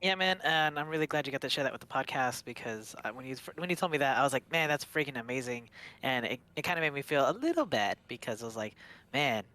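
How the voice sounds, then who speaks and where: A man's voice: mid-range voice, big pitch swings, quick pace, pushed and bright. A man hosting a podcast in a casual, upbeat, friendly way, introducing a guest. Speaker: podcast host.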